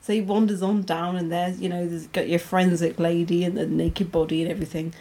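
A woman's voice: fairly low pitch, flat delivery, fairly quick, mellow, breathy edge. A woman, co-hosting a podcast and recapping a TV episode in chatty, giggly storytelling. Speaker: podcast co-host. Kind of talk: casual chat recapping a TV episode.

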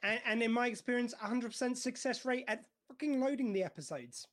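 A man's voice: very high voice, fairly quick, a bit bright. A man co-hosting a podcast in casual chat, jokey and rambling, often laughing as he talks. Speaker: podcast co-host.

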